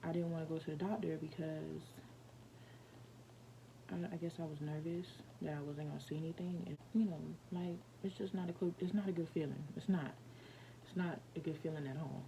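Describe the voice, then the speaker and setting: A woman's voice: low voice, fairly even intonation, fairly quick, vocal fry, warm tone, a little hiss or hum, low-quality recording. A young woman vlogger telling a personal story in a rambling, casual way, full of fillers and restarts.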